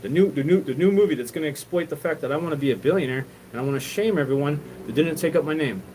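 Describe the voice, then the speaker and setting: A man's voice: a little high, fast talker, darkish tone, recorded from a distance, slight background noise, rough recording. A man hosting his own show, talking in a rambling, repetitive, profane solo monologue. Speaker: show host.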